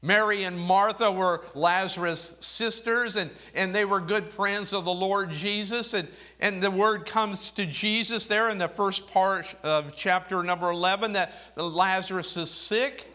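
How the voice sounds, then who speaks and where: A man delivering a sermon at an unhurried pace, his voice bright and a little high for a man. He swings between soft, low-voiced phrases and raised, emphatic ones, and reads scripture aloud in old-fashioned wording. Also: fairly even intonation. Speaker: preacher.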